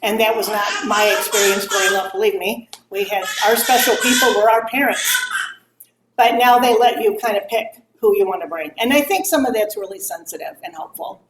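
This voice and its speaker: Her mid-range voice moves briskly over slight background noise in an echoey, faintly ambient room. A middle-aged woman tells a moms' group openly about grief, animatedly acting out the things people said to her.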